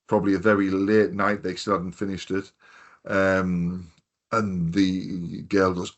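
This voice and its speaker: This North East English podcast host, with a Hartlepool accent, has a deep voice, a flat delivery, and a moderate pace. In casual chat he spins long, rambling stories peppered with swearing.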